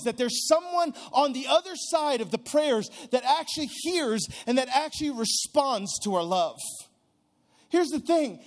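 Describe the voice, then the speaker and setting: A man preaching a sermon in an earnest, conversational way, slowing down to stress key words. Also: very high voice. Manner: earnest, conversational, with restarts and drawn-out emphasis.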